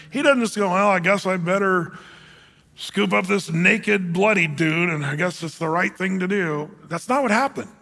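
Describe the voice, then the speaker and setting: Male pastor, sermon, animated, quizzes the congregation; high bright voice, long hall reverb. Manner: animated, asks the congregation questions.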